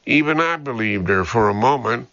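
A man's voice: mid-range voice, animated, moderate pace, pushed and bright, no echo, dull audio. A man voicing a determined female ex-cop who pleads her case steadily and earnestly.

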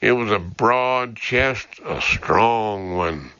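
Male audiobook narrator, low and slow, crisp bright tone; dry, muffled recording. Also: animated, no room sound. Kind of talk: scripted narration.

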